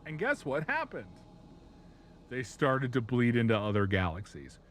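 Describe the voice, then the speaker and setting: A man's voice: mid-range voice, a little slow, a little hiss or hum. Profane, rambling man streaming. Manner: profane, rambling, animated storytelling. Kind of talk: casual live-stream chat.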